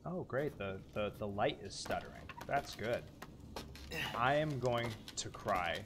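A man's voice: mid-range voice, animated, unhurried, music in the background. A man in his thirties streaming a horror game, reacting aloud, swearing and talking to his chat. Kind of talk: live gameplay commentary.

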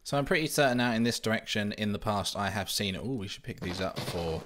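Chatty deep-voiced gamer. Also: male voice, animated, a little fast, heavy background noise. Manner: chatty, self-mocking, easily distracted. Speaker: Minecraft let's-player. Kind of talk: casual gameplay commentary.

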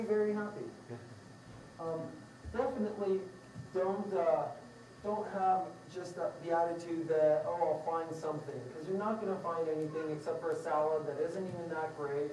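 A woman's voice: fairly low pitch, mellow, slight background noise. Rambling woman teaching in an echoey room. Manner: rambling, upbeat, with frequent laughs and acted-out quotes. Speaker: raw food class instructor. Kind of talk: casual lecture to a live class. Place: room with a live audience. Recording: echoey room, mic far off.

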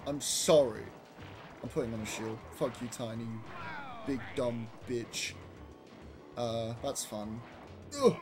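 A man's voice: mid-range voice, fairly even intonation, slow pace, pauses often, music in the background. A young man commentating his own speedrun live, nervous and swearing as he talks to himself.

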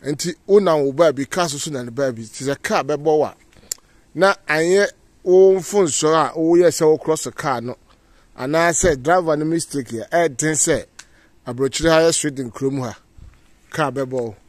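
A man's voice: fairly high pitch, normal speed, dry recording. A Ghanaian man giving a casual outdoor walking tour as a vlogger, pointing things out as he walks. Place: outdoors on city streets.

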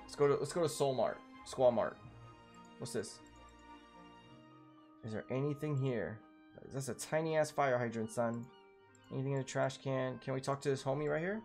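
Brief: laid-back gamer guy, gravelly and profane, with faint game music behind him. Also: medium pitch, moderate pace, pauses often, a little mellow. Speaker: game streamer. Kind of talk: casual gameplay commentary.

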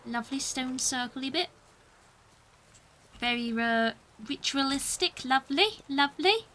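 A woman's voice: sits high, measured pace, sharp tone, a little hiss or hum. A woman streamer giving playful, chatty commentary while playing a game, often breaking into exclamations. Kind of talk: casual gameplay commentary.

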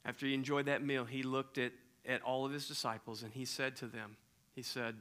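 A man's voice: mid-range voice, little pitch movement, brisk, fairly bright tone. A man preaching a sermon, telling stories in a casual, conversational way with slang. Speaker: pastor.

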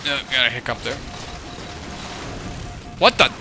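A man's voice: mid-range voice, animated, measured pace, sharp tone, soft background music. A young man giving casual commentary over his own online match, often exclaiming in frustration at lag and other players. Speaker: gaming channel host. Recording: faint game noise behind voice.

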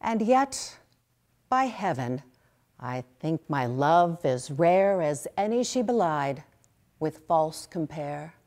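A woman reciting a Shakespeare sonnet as a wry, fond male lover mocking ideal beauty, in a measured recitation. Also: deep voice, lively intonation, darkish tone, heavily acted.

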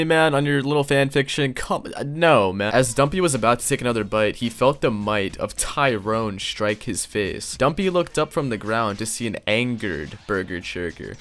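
A man's voice: medium pitch, big pitch swings, moderate pace, few pauses, a bit bright. Sarcastic man reacting to fan fiction. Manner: sarcastic, profane and mock-outraged. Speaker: YouTuber reading fan fiction. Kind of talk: comedic reaction reading.

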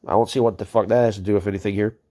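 A man's voice: lowish voice, fairly even intonation, very fast, dark tone. A man ranting in a commentary video, exasperated and sarcastic and swearing freely as he picks apart a chat exchange.

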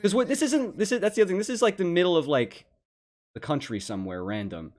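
A man's voice: high-pitched, expressive, fast, a little mellow. A young man hosting a podcast, casually reacting to a clip with mocking jokes, laughs and lots of fillers. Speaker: podcast host.

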